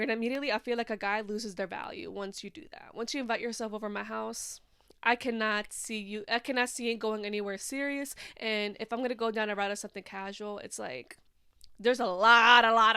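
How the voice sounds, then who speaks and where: A woman's voice: mid-range voice, pushed and bright, clear, resonant tone, no echo, studio quality. A young woman hosting a casual podcast, talking in a chatty, rambling way with lots of "like". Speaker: podcast host.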